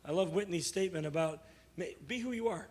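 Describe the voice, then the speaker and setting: Raspy New York man on a panel. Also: sits high, a little mellow. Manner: joking, quick banter. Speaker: panel moderator. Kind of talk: casual panel discussion. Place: conference panel room.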